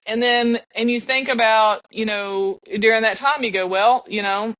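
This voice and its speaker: A middle-aged woman appears as a podcast guest, earnestly and emotionally telling a personal story with restarts and laughs. Her slightly high, somewhat bright voice moves at normal speed with fairly even intonation, and there is no room sound.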